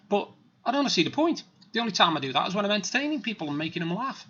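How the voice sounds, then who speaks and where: A man's voice: high-pitched, big pitch swings, rapid-fire, pushed and bright, husky, muffled recording. A middle-aged man telling stories in a plain-spoken, rambling, blunt way. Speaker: vlogger. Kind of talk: casual storytelling monologue.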